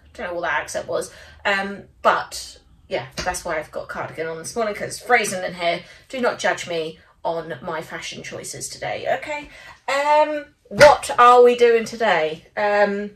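A young woman chatting casually in a vlog from her small studio office, rambling with lots of ums. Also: medium pitch. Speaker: small stationery business owner. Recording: voice a bit far from the mic.

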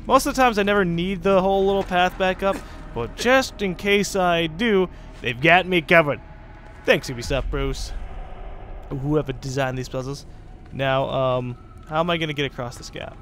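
A young man casually commenting on his gameplay as a let's play host, chatty and sarcastic with excitable outbursts. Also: a little high, moderate pace, slight background noise.

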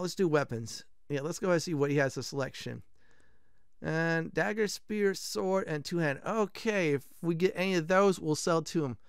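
A man's voice: a little high, clear, resonant tone, no room sound, studio quality. A man hosting a let's play, chatting casually with fillers while exploring a game. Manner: casual, rambling, many fillers. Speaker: gaming channel host.

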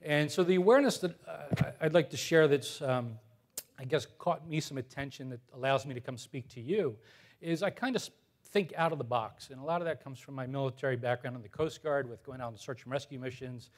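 A man's voice: mid-range voice, fairly quick. A man in his fifties giving a conference talk to an audience, loose and conversational with many filler words and light self-deprecating humor. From United States. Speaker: conference presenter.

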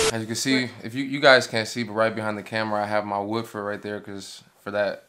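A man's voice: on the low side, little pitch movement, normal speed, heavy background noise. A husband in casual, laid-back chat with his wife, joking and teasing her.

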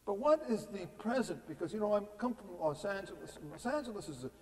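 High-voiced man lecturing in an echoing hall. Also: sing-song, brisk. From California. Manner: storytelling, asks the crowd rhetorical questions. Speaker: guest speaker. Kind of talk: public lecture. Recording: long echo in a lecture hall.

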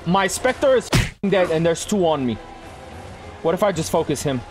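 A young man giving live gameplay commentary to his chat, excitable and swearing, often yelling at the game. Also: on the high side, moderate pace, music in the background. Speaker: gaming streamer.

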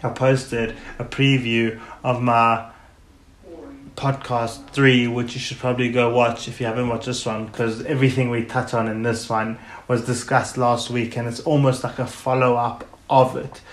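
A man hosting a podcast in a casual ranting monologue, emphatic and sarcastic, hitting words loudly and then dropping into muttered asides. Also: mid-range voice, level tone, normal speed. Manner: emphatic, sarcastic, swings between loud stresses and muttered asides. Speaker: podcast host. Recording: roomy echo with faint background noise.

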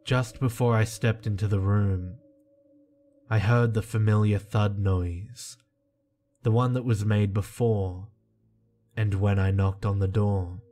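A man reading a creepy first-person horror story in a slow, hushed and tense way. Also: lowish voice, fairly even intonation. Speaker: narrator. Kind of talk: scripted horror narration. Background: soft music.

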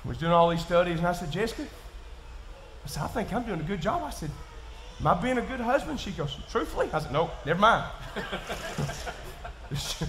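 A man with a Kentucky accent preaching in church, folksy and plain-spoken, dropping to quiet asides and rising to shouts. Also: high-pitched, lively intonation, quick pace, a little hiss or hum. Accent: Southern US, Kentucky. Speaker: pastor. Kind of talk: sermon. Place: church sanctuary. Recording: echoey church room.

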